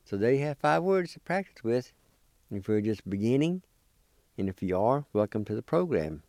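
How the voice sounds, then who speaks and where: A radio language teacher from Oklahoma, United States, works slowly through words, spelling them letter by letter and repeating each syllable. His mid-range voice swings widely in pitch, has a darkish tone and moderate pace, and there's no echo.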